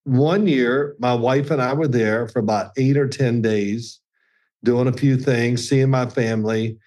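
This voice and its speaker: An older man with a slight Kentucky twang tells folksy stories as an interview guest. His pitch sits in a middling range and he chuckles now and then. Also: unhurried, darkish tone. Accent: slight Southern, Kentucky. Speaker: guest, former NFL quarterback. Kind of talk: casual interview chat.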